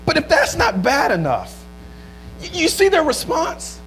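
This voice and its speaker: Male pastor, high and animated, preaching with hammering rhetorical questions and shouts. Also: a little slow, gravelly, soft background music. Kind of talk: sermon.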